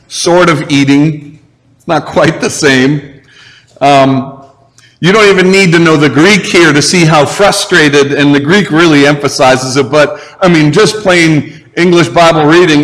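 A man in his forties preaches in a relaxed, conversational way and often puts questions to the listeners. His voice sits a little high for a man. A long reverb of a large hall trails each phrase. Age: 40s. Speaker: pastor. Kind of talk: sermon.

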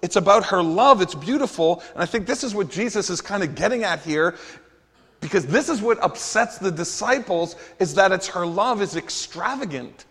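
A man's voice: high voice, expressive, normal speed, a bit bright, breathy edge. A man preaching a sermon as pastor, earnest and emphatic, asking the congregation rhetorical questions. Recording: long hall reverb.

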